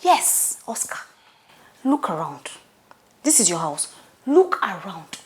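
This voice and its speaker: A woman's voice: mid-range voice, big pitch swings, slow, reverberant, background noise. A young woman with a Nigerian accent playing a fed-up wife who confronts her idle husband and his mother. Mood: exasperated. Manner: sharp, confrontational.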